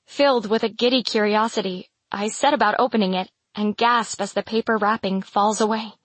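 A woman narrating a first-person romantic fantasy audiobook in an intimate, measured storytelling voice. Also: medium pitch, steady tone, no echo.

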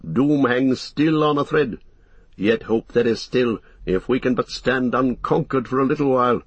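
A man reading an audiobook voices an old wizard giving grave, measured counsel. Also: mid-range voice, lively intonation, a bit bright, breathy edge, no echo, dull audio, full character voice. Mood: solemn.

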